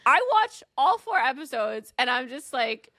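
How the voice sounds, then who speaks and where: A woman co-hosting a podcast in casual chat, animated and giggly, acting out scenes as she talks. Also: high voice, measured pace, no echo. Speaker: podcast co-host.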